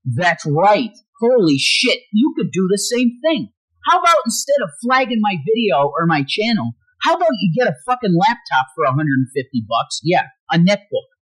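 A man's voice: high-pitched, very animated, normal speed, breathy edge, rough recording. A man hosting a livestream, ranting angrily with constant swearing. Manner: angry profane ranting, swings loud and quiet. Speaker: livestream host.

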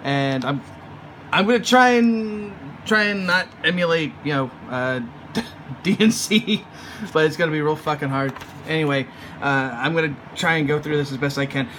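Bright-voiced man ranting profanely. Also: a little high, moderate pace, a little hiss or hum. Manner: profane, sneering, rambling with many fillers. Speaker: comic review vlogger. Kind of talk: casual ranting review.

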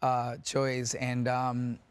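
A man's voice: medium pitch, completely flat delivery, extremely slow, clean tone. A man in his forties chats as a guest on a daytime talk show. He tells his stories with animation, laughs easily and often restarts his sentences mid-thought. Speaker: guest actor. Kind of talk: casual talk-show interview.

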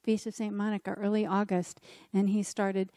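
A woman's voice: medium pitch, normal speed, dry recording, clean studio sound. Woman telling a personal faith story. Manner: lively storytelling, acting out dialogue. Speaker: conference speaker at a church event.

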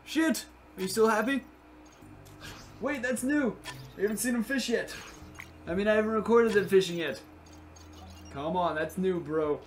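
A young man with a high voice gives loose, excitable let's-play commentary. He swears freely and talks straight to the game's creatures as if they were buddies. Faint game music plays behind him. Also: normal speed, pauses often. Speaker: gameplay video creator.

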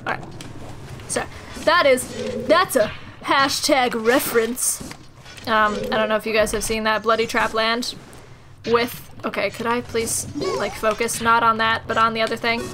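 A woman's voice: on the high side, moderate pace, bright, forceful tone, faint music behind, low-quality recording. A young woman hosting a casual let's-play, joking crudely and giggling often. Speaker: gameplay host. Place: small home recording room.

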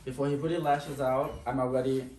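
A man's voice: medium pitch, flat delivery, a little fast, a little mellow. Man dog trainer, echoey and distant. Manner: talks in short bursts, breaking off to give the dog commands. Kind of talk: explaining while training a dog. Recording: echoey room, distant mic, noisy background.

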